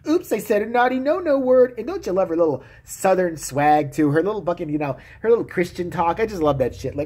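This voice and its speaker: Husky-voiced man ranting profanely. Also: high-pitched, very animated, brisk, hardly any pauses, a little mellow. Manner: vulgar, mocking, heated. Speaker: vlogger. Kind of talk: profane solo rant.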